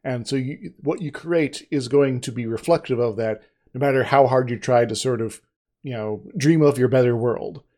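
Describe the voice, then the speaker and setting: A man with a mid-pitched voice explains his ideas in a loose, rambling way. He keeps hesitating and restarting his sentences. The tone stays easygoing and conversational. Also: normal speed, darkish tone. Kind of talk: casual discussion.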